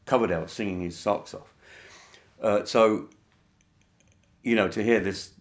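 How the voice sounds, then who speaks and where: Very deep-voiced man telling anecdotes. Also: steady tone. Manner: measured, wry storytelling with many fillers. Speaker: interviewee, musician. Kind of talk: anecdotal documentary interview.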